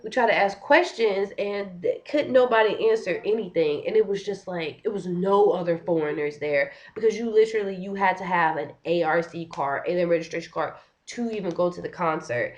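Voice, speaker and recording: A young woman venting on a casual vlog, talking in an animated, frustrated way and filling her sentences with "like". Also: lowish voice, a little fast, highs cut off. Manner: frustrated, animated, heavy use of "like". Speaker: vlogger. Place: living in Korea.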